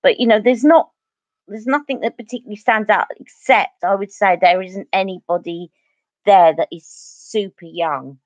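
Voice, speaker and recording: A woman's voice: mid-range voice, moderate pace, no echo, lo-fi sound. A woman with an Essex accent chatting through a live makeup tutorial, answering viewer comments as she goes. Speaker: beauty vlogger.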